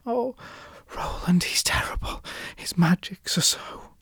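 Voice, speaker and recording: A man's voice: high voice, big pitch swings, measured pace, dark tone, dry recording, studio quality, pitched above the performer's own voice, full character voice. A man voicing a sorrowful young woman held captive by elves, pleading and tearful. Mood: whispered dread.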